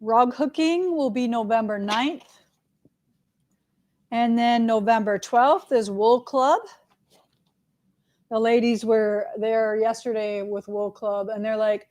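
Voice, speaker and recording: A middle-aged woman chats through shop news on a live stream. Her voice sits a little high, and her delivery is friendly, upbeat and loose, full of "all right" and "right?" as she moves from item to item. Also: a little slow, darkish tone. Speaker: quilt shop owner hosting a live show. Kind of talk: casual live-stream chat with announcements.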